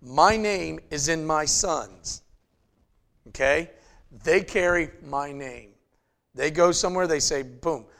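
A man preaching a sermon in a conversational way, checking in with "okay?" and building up to loud, emphatic passages. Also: on the high side, creaky. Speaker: pastor.

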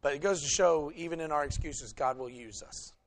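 A Southern American pastor preaches a sermon in a folksy, animated style, teasing the congregation between points. His voice is high for a man and brisk, swinging from loud emphasis to quiet storytelling over slight background noise.

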